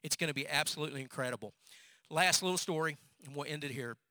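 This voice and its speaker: A male pastor preaching a sermon as an animated storyteller who repeats phrases for emphasis. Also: a little high, quick pace, no echo.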